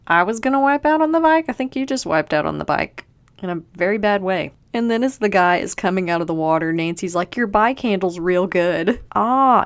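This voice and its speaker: A woman's voice: on the low side, no echo. A woman podcast host chatting casually through a TV episode recap, acting out the characters' lines as she goes. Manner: chatty, acts out quotes from the show.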